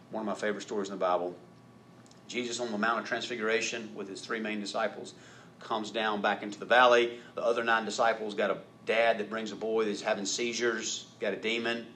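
A man preaching a sermon in an animated way, acting out quoted voices and rising to loud emphatic peaks. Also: on the low side, slight background noise. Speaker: pastor.

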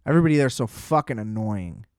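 A man's voice: medium pitch, lively intonation, quick pace, darkish tone, dry recording, studio quality. A young man in casual chat, ranting with profanity and sarcasm and mocking other people in put-on voices.

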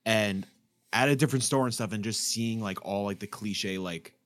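A man telling stories in a relaxed, dry way, cursing freely. His voice sits a bit low. His delivery stays easygoing. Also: moderate pace. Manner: laid-back, sweary, dry. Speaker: podcast co-host, former game store worker. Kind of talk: casual chat, storytelling.

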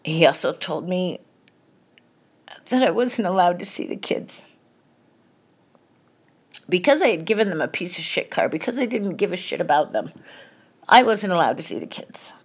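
A woman's voice: on the low side, lively intonation, moderate pace, pauses often, slightly rough. A middle-aged woman hosting a podcast, telling a painful family story in a candid, emotional way and swearing freely. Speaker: podcast host. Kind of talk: personal confessional monologue.

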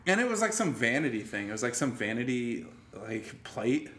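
A man's voice: mid-range voice, normal speed, noisy background. Man telling a rambling story, roomy echo. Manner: rambling, animated retelling with swearing and restarts. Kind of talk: casual storytelling chat.

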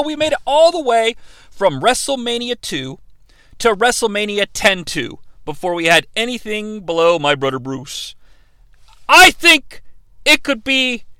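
A man's voice: sits high, sharp tone, clean tone, dry recording. A man in his thirties hosting a comedic wrestling review podcast, playful and sarcastic. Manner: playful, sarcastic, jumps into impressions. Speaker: podcast host.

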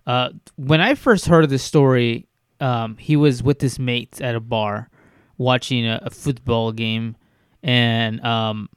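Smooth-voiced man telling a story. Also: mid-range voice, fairly even intonation, takes it slowly, no room sound, clean studio sound. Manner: hesitant storytelling with many "um"s and restarts. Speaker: podcast co-host. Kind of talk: casual chat, retelling a story.

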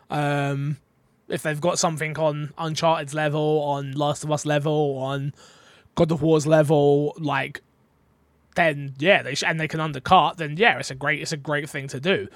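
A man's voice: on the high side, fairly even intonation, normal speed, fairly bright tone, no room sound. A man hosting a casual gaming podcast, talking in a rambling, hesitant way full of fillers. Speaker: podcast host.

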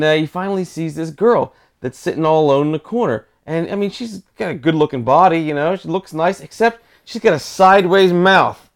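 A man telling a dirty joke to friends, dropping to a low mumble for the quoted lines. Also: gravelly.

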